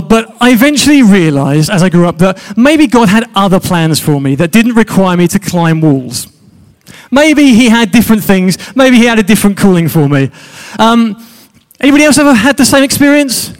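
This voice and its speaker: A man preaching a sermon, chatty and joking with his congregation. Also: high voice.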